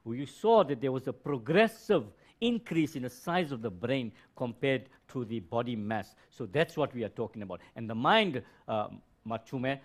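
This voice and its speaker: A man teaching biology on a live stream, explaining slowly and repeating key terms with rhetorical questions. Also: medium pitch, animated. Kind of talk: live-streamed classroom lesson.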